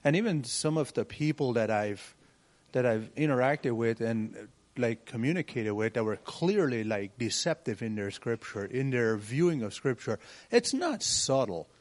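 A man's voice: medium pitch, expressive, normal speed. Male class member, earnest and searching, thinking aloud in a church group. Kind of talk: sharing views in a church class.

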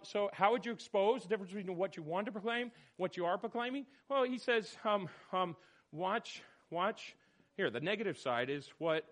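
A man leading a church study discussion, animated and questioning, calling on people by name. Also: high-pitched. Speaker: church study group leader.

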